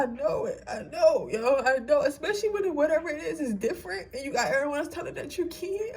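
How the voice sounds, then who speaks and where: A woman's voice: high voice, expressive, a little fast, few pauses, a little mellow. A young woman doing a casual tarot reading, giving a slangy, swearing pep talk while crying. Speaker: tarot reader.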